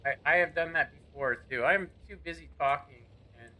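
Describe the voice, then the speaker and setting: A man's voice: on the high side, normal speed, sharp tone. A man giving rambling, self-deprecating commentary while playing a game. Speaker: gaming streamer. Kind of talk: casual gameplay commentary.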